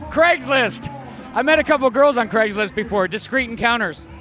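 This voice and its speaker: Joking male host, high voice, outdoor rally interviews, teasing delivery. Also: expressive, normal speed, pushed and bright, faint music behind, some chatter behind. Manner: wisecracking, teasing.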